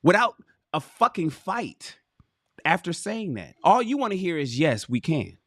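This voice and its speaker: A man hosting a casual livestream, reading a relationship book aloud and commenting to his viewers in an animated, swearing, buddy-to-buddy manner. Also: a little high, measured pace, no echo. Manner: animated, swearing, addresses viewers as fellas and bro. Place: home.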